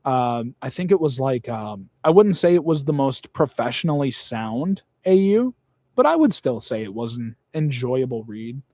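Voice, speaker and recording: A man's voice: medium pitch, expressive, normal speed, warm tone, no echo. Blunt young man chatting, dry sound. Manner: blunt, swears often, rambles with "like". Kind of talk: casual chat.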